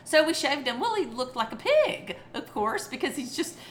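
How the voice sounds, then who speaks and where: A woman's voice: sits high, normal speed. A middle-aged woman, a children's entertainer, chatting as a podcast guest and animatedly acting out stories. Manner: animated storyteller who acts out quotes. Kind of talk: casual interview chat. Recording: noisy background.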